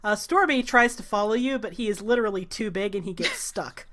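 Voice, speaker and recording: A woman narrating a tabletop game as game master, relaxed, with many filler sounds. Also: mid-range voice, a little fast.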